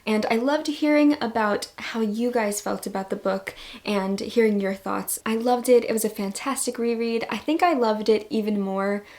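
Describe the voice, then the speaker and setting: A woman's voice: on the high side, moderate pace, darkish tone. Gushing young woman reviewing books. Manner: gushing, enthusiastic. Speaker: book vlogger. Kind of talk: casual book review vlog.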